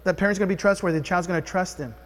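A middle-aged pastor preaches a sermon in a church sanctuary, his high voice racing along. He talks conversationally and puts questions to the congregation, and the sound has a big-room quality.

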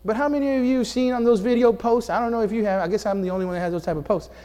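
A man's voice: sits high, very fast, mellow, clear, resonant tone. A man preaching a sermon as pastor, emphatic and calling for answers from his congregation in a church. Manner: emphatic, call-and-response with congregation. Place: church sanctuary. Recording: long reverb of a hall.

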